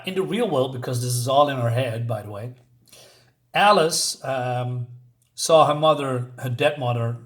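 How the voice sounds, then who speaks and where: A man casually retelling and reviewing a comic book, rambling along with fillers and small chuckles. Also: medium pitch.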